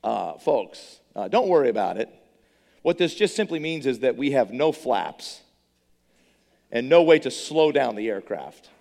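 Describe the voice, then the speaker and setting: A preacher putting on a steady male airline pilot making a formal, reassuring announcement to passengers. The voice sits at a middle pitch and rings out with a long hall reverb. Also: unhurried, gravelly.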